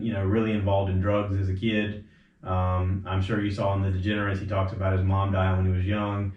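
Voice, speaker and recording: A man hosting a casual podcast, rambling through stories and acting out quotes with sudden jumps in his voice. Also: lowish voice. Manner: rambling storyteller, quotes others with animated voice jumps. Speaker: podcast host. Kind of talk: casual chat. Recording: roomy, slightly dull home recording.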